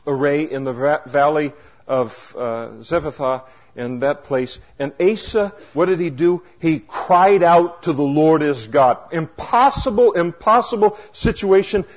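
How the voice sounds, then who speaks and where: Male pastor, high voice, preaching, dramatic shifts from quiet to loud, wry humor. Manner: swings from hushed low asides to loud emphatic exclamations; acts out wry humorous asides with laughter. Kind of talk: sermon.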